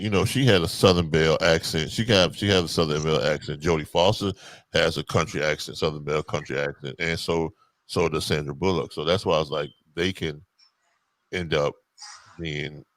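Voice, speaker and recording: A man co-hosting a casual podcast chat, talking haltingly as he searches for words. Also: a bass voice, a bit bright. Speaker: podcast co-host.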